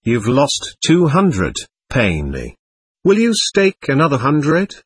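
A man playing a haughty gambler with stiff, formal courtesy. His husky voice rises and falls in lively pitch. The sound is dry and close. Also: takes it slowly, no echo, full character voice. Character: haughty Polish gambler, male, dealing cards.

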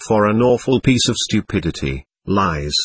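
A man's voice: on the low side, expressive, moderate pace, husky, no echo. Man reading as a remorseful young man. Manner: earnest, apologetic.

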